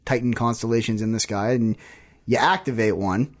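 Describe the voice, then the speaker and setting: A man co-hosting a podcast in casual chat, relaxed and laughing often. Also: mid-range voice, moderate pace. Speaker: podcast co-host.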